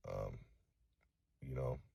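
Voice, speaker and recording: A middle-aged man from Los Angeles making a direct-to-camera apology video, halting and remorseful, swearing often. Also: very deep voice, gravelly, dark tone, husky, no echo. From Los Angeles, USA. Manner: halting, remorseful, heavy swearing, frequent fillers. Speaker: vlogger.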